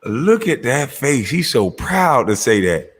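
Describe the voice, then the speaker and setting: A man's voice: medium pitch, sing-song, a little slow, slightly rough. A man giving profane, incredulous reaction commentary on a clip he is watching.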